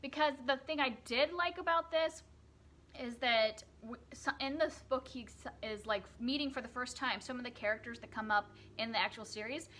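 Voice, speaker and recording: A woman's voice: fairly high pitch, normal speed, a bit bright. A young woman chatting casually as she reviews books she read, with lots of fillers and restarts. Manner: chatty, many fillers and self-corrections. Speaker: book reviewer. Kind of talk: casual book review vlog.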